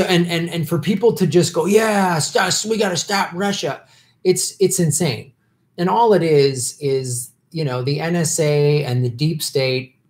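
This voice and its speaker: A man hosting a casual live stream, reading viewer questions and answering in an opinionated, heated way with many restarts. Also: fairly high pitch.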